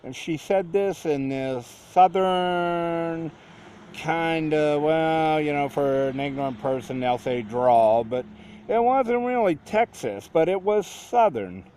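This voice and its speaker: A middle-aged man telling a personal story in a slow, reflective, conversational way. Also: a little high, animated, dark tone, slight background noise.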